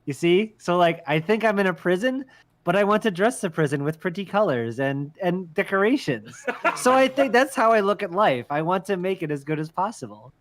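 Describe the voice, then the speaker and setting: A man's voice: high voice, lively intonation, fairly quick, fairly bright tone. A man hosting a casual art-stream chat, playful and jokey, laughing often. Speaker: podcast host.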